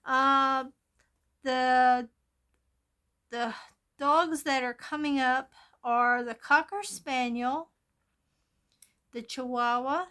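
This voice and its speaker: With a high, smooth, bright voice that's steady yet forceful, this woman speaks very slowly and pauses often. She hosts a coloring channel, shot by a phone above her craft table, and meanders through a casual show-and-tell of her coloring plans, full of fillers and restarts.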